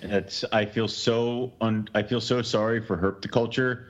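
A man's voice: lowish voice, steady tone, moderate pace, dull audio. A man co-hosting a podcast, chatting casually in a rambling, self-deprecating way with frequent laughs. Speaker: podcast co-host. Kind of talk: casual chat.

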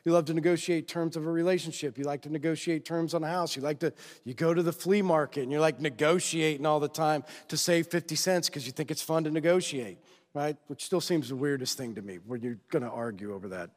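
A man's voice: a little high, brisk. A male pastor preaching a conversational sermon, constantly checking in with the congregation through rhetorical questions. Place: church sanctuary. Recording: long reverb of a large hall.

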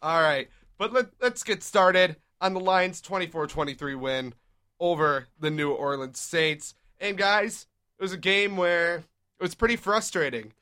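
A young man hosts a casual sports talk show, steering the chat with quick, upbeat recaps of the game. His voice is forceful and bright, sitting a touch high for a man. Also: smooth. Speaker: podcast host.

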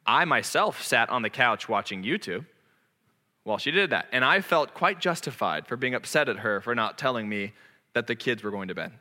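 A man in his thirties preaching from the pulpit, frank and self-deprecating about his own faults. His voice is bright and forceful. It rings out with the long echo of a large hall. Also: mid-range voice, animated, fairly quick. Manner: candid and self-deprecating, earnest. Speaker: pastor. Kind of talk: sermon.

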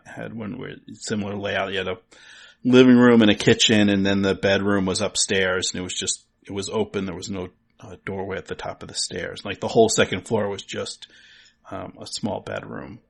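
A man chatting casually as a podcast guest, rambling and halting as he thinks aloud. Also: low-pitched, steady tone, vocal fry. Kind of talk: casual chat.

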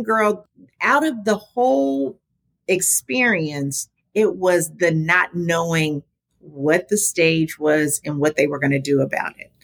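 Animated woman with a gravelly low voice. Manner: animated storytelling, big pitch jumps on quoted reactions. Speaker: podcast guest, small business advocate. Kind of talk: casual chat.

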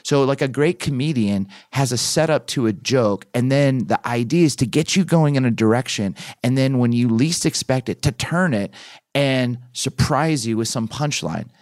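A man's voice: mid-range voice, normal speed, dry recording. A man in his thirties, a pastor and author, telling a story as a guest on a podcast. His voice sits in a middle register and is recorded close and dry. He plays out the scenes as he talks. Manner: animated storyteller who acts out his own past lines.

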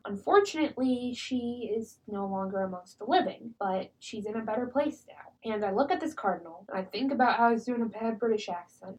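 A woman's voice: medium pitch, a little mellow, poor audio. A woman hosting a podcast, talking without a script in a chatty, rambling storytelling way into a microphone. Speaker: podcast host. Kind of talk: unscripted casual podcast monologue.

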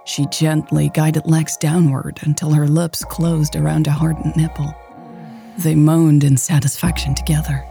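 A woman narrates a romance story in a soft, hushed, unhurried voice. Her tone is low and dark, with a gravelly edge. Faint music plays behind her. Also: little pitch movement.

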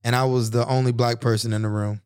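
A man's voice: medium pitch, level tone, fast talker, darkish tone, clear, resonant tone, no echo. Earnest man in his thirties, dry sound. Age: 30s. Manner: earnest storytelling with frequent restarts. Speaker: podcast host. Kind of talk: reflective personal monologue.

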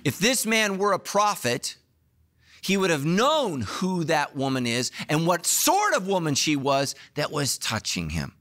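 A middle-aged man preaching a sermon as a pastor, telling the story with acted-out dialogue and sudden swings between loud and hushed. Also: measured pace. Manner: animated storytelling, acting out dialogue with big pitch swings.

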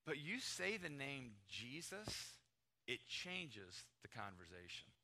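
An American man in middle age preaches in a relaxed, conversational way, stressing key words and slipping into little acted-out exchanges. His voice is very bright and sits at an ordinary pitch for a man. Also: takes it slowly. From United States. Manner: conversational, emphatic, acts out little dialogues. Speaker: pastor. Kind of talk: sermon.

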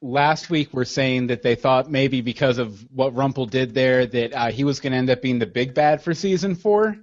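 A man's voice: medium pitch, dry recording, muffled recording. Man hosting a casual chat, dry sound. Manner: relaxed, many filler pauses. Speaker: podcast host. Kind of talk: casual discussion.

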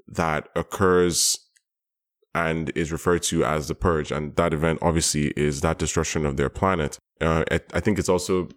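A man co-hosting a casual chat, thoughtful and rambling, with quick bursts of excitement. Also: very deep voice. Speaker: podcast co-host.

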